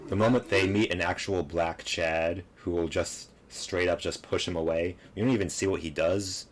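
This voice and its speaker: Deep-voiced man mocking a clip. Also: fairly even intonation, normal speed. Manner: laughing, mocking, rambling with many fillers. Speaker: video commentator. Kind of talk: casual reaction commentary.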